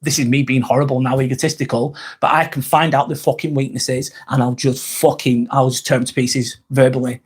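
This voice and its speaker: A man's voice: mid-range voice, flat delivery, a little fast, hardly any pauses, breathy edge. A man hosting a live stream, talking candidly and bluntly, swearing often as he rambles and reads viewer comments aloud.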